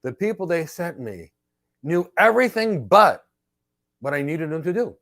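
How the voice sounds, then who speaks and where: A middle-aged man hosting a live career Q&A, telling stories in an emphatic, animated way. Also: fairly high pitch, normal speed. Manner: emphatic, animated storyteller who acts out exchanges. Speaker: host and cloud career trainer. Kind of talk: live Q&A with storytelling.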